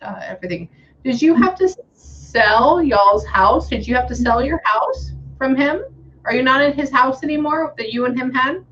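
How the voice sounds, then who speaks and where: A young American woman working as a psychic medium, chatting casually and often pausing with "hang on" while she relays messages. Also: sits high, lively intonation, a bit bright, muffled recording. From United States. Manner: chatty, keeps saying "hang on" and relaying what she hears. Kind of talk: casual reading session.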